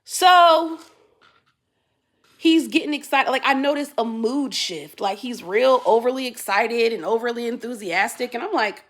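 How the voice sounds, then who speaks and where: A woman's voice: on the high side, normal speed, hardly any pauses. A young woman, telling viewers a personal story in a blunt storytime vlog at home. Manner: blunt, talks straight to viewers. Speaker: vlogger. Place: room at home. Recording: echoey room, mic at a distance.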